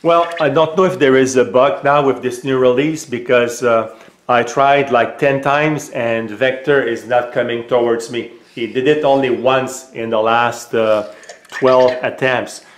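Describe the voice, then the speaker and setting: A man's voice: mid-range voice, fairly even intonation. French-accented male tech vlogger, hesitant, faint hiss, room echo. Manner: hesitant, many filler pauses; raises voice for voice commands. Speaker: tech reviewer. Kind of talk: casual product demo. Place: home room.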